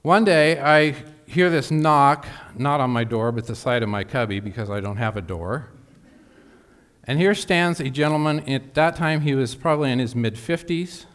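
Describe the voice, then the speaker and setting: A man's voice: medium pitch, expressive, normal speed, a bit bright. A man preaching a sermon, telling a personal story with emphatic asides to the congregation. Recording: long hall reverb.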